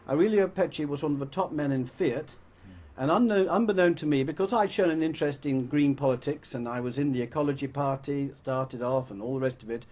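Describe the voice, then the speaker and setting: Husky older man telling stories. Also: a little high, a little mellow. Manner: anecdotal, rambling with self-corrections. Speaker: public speaker. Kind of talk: storytelling talk to an audience.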